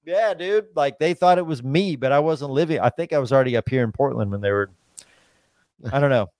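A man's voice: mid-range voice, fairly quick, darkish tone, no room sound. A man in casual podcast chat, rambling and swearing constantly, with lots of "like" and "dude".

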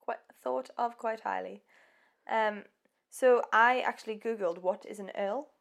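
A woman's voice: on the high side, unhurried, creaky. A woman co-hosting a casual true-crime podcast, telling the story in a chatty, giggly way with many ums. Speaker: podcast co-host.

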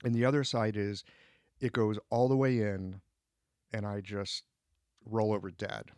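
Clean studio sound with no room echo carries this man's low, slightly mellow voice, which moves little in pitch at a measured pace. Co-hosting a podcast, he reflects casually in a thoughtful, searching way, with restarts and occasional acted-out quotes of his inner voice.

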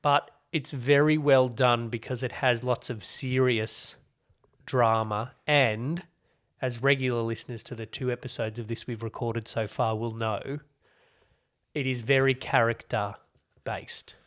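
A man's voice: medium pitch, fairly even intonation, measured pace, a bit bright. A man, co-hosting a casual podcast chat and explaining a TV show at length with wry asides. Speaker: podcast co-host. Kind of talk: casual chat reviewing TV shows.

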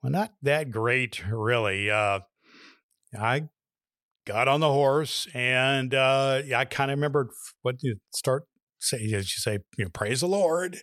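A man co-hosting a talk show, telling a long joke in a folksy, drawn-out way, now and then shouting the punchlines. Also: medium pitch, dry recording, clean studio sound. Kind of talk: casual storytelling.

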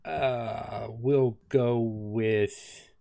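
A young man running a tabletop game, narrating scenes in a plain, mid-pitched voice. He halts often on ums and uhs while he thinks aloud and jokes with his players. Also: steady tone, drawn-out words, creaky, mellow. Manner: hesitant, many ums and uhs. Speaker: game master.

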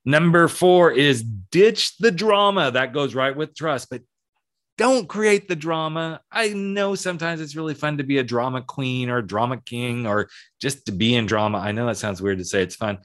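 A man over forty from the American South talks through his podcast alone. His delivery is chatty and cheeky, leaning hard on key words. His voice sits at a middle pitch and jumps up and down in pitch and pace. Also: normal speed, a bit bright. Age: 40s or older. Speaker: podcast host. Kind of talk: solo podcast advice talk.

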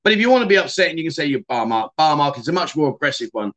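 A man's voice: on the high side, big pitch swings, rapid-fire, fairly bright tone. A middle-aged man, hosting a casual livestream and chatting loosely with many fillers and restarts. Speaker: livestream host.

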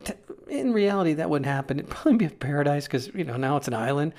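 A man co-hosting a casual political podcast, ranting with his voice jumping high when he gets exasperated. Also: expressive, quick pace, a little mellow. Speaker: podcast co-host.

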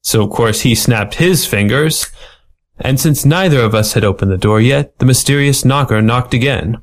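A man reading a funny noir animal story aloud with a playful, deadpan delivery. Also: mid-range voice, normal speed. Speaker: story reader. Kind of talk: storybook narration.

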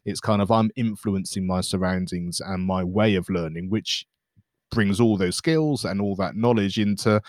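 A man with a very low voice hosting an interview, recorded dry and close with no room sound. He muses thoughtfully and at length, stumbling and restarting as he builds his questions. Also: moderate pace, a little mellow, no echo. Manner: thoughtful, rambling, many hesitations and restarts. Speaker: podcast host. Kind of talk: casual conversational interview.

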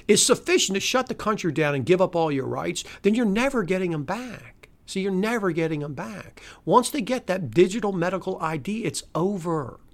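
A podcast host ranting alone about politics, cursing freely, scoffing and laughing, sometimes sinking into a tired murmur. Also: medium pitch. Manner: heated, profane ranting; scoffing laughs and exasperated sighs. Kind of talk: solo political rant podcast.

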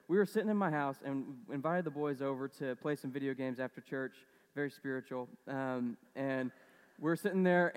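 A man's voice: mid-range voice, clean tone, in a large hall. A man preaching a casual sermon, conversational and storytelling, with lots of fillers. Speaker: pastor.

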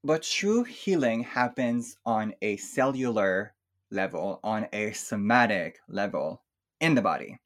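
Man, low-pitched, non-native English speaker, reflective, soft-spoken, casual podcast chat. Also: animated, a little slow. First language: not English. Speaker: podcast guest. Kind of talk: casual chat about emotional healing.

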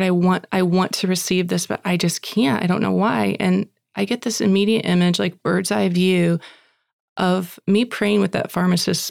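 A woman giving a chatty, animated personal faith testimony at a women's gathering, acting out dialogue and saying "like" often. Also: fairly low pitch, creaky, no room sound, studio quality. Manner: heavy use of "like" as filler. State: tearful at moments.

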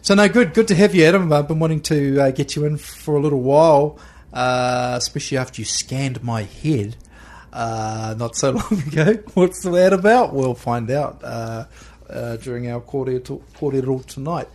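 A man's voice: mid-range voice, moderate pace, a little mellow. A man with a New Zealand accent hosting a casual podcast interview in a studio, chatty and joking with lots of fillers. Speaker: podcast host.

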